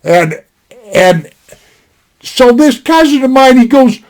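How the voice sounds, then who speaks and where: Sitting at his desk, a man with a fairly high voice tells a folksy, rambling story, often restarting sentences and drifting into asides. He is very animated yet unhurried, staying casual and conversational, and the sound is a desktop recording.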